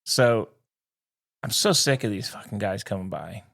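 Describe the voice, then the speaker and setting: A man's voice: lowish voice, moderate pace, vocal fry, fairly bright tone. A middle-aged man co-hosting a podcast, telling a profane, ranting story in casual chat. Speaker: podcast co-host.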